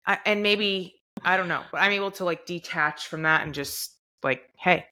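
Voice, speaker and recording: A young woman with a bright, forceful voice that sits a little low, co-hosting a casual podcast chat. She tells stories with animation and acts out the lines other people said. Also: moderate pace. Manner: animated storytelling, acts out quoted dialogue. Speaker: podcast co-host.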